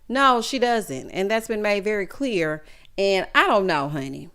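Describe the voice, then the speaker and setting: Sassy animated woman recapping TV. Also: medium pitch, moderate pace. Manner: sassy, animated, acts out quotes of cast members. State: recovering from illness. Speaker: recap vlogger. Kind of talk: casual TV recap commentary.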